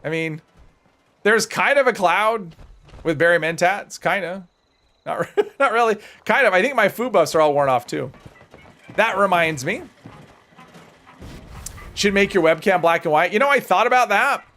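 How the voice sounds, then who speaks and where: A chatty male livestreamer with a voice pitched a little higher than most men's. He rambles casually as he plays, answering viewer comments and poking fun at himself. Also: expressive, normal speed, pauses often, sharp tone. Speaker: gaming livestreamer.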